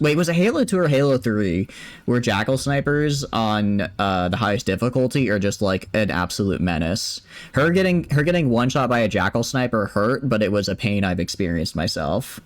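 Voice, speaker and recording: A man giving casual commentary as he streams a game, thinking aloud in a chatty way. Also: fairly low pitch.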